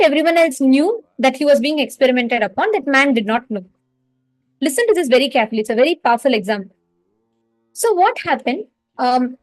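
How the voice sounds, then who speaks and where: A high-pitched woman delivers a live online spiritual lecture as an earnest storyteller. She repeats her key phrases and talks directly to the viewers in the chat. The sound is dry and close, with no room around it. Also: dry recording, rough recording. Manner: addresses viewers directly and reads their names from the chat. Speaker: spiritual course instructor.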